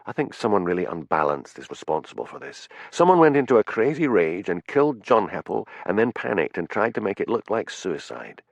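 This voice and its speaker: Man voicing calm village cop, dry wit, questioning, lively low delivery. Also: fairly quick, vocal fry, hardly any pauses, no room sound, full character voice. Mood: inquiring. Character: Highland village policeman, calm and dry-witted.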